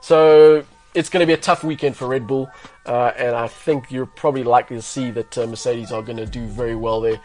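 A man's voice: medium pitch, fairly even intonation, a little fast, a little mellow, faint music behind. A man who is a guest pundit, talking through race predictions in a podcast chat, thinking aloud with fillers.

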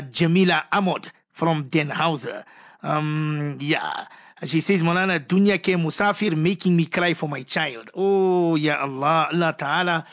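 A man's voice: a little high, a bit bright. A man hosting a religious radio call-in show, reading out listener messages with pious, affectionate blessings.

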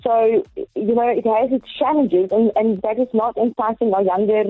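A woman, a nursing lecturer, speaking in a measured, thoughtful way with frequent pauses as a phone-in guest on a morning radio show. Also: on the high side, dry recording. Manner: measured, thoughtful, many ums. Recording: tinny phone line.

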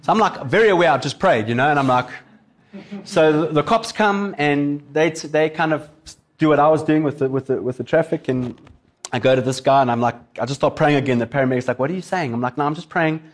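A man's voice: a little high, fast talker. A man, a pastor preaching in a casual, chatty way, telling stories and laughing along. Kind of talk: sermon storytelling.

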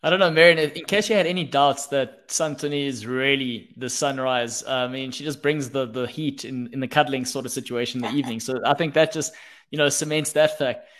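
A man's voice: medium pitch, fairly quick, fairly bright tone. A man from South Africa hosting a casual podcast over a video call, friendly and playful, asking his guests questions. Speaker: podcast host.

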